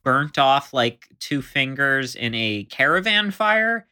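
A man's voice: mid-range voice, sing-song, takes it slowly, pushed and bright, clear, resonant tone. A man co-hosting a podcast, chatting casually and slipping in wry, joking asides. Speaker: podcast co-host. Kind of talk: casual conversation.

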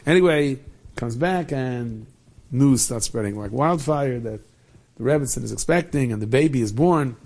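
A man telling a Hasidic tale in a lively way, dropping in many Yiddish and Hebrew words. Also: mid-range voice, normal speed. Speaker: storyteller.

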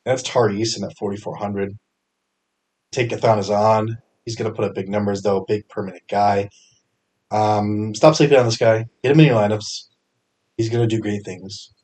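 A young man hosting a fantasy sports podcast, talking casually with energetic bursts and frequent fillers. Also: lowish voice, normal speed. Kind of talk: casual solo podcast picks.

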